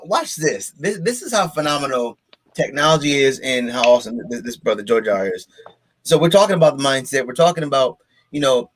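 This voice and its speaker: An upbeat male podcast host chats in a lively, hyped-up way. He praises his guest and eagerly steers the conversation on. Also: medium pitch. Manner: enthusiastic, upbeat. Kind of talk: casual podcast chat.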